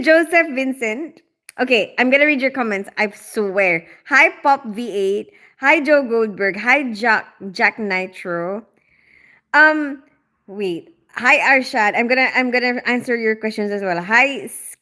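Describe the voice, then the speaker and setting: Casual woman streamer, giggly and chatty, talks to her chat. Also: fairly high pitch. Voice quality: loud on calls. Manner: chatty, giggly, reads comments aloud. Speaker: livestream host reading viewer comments.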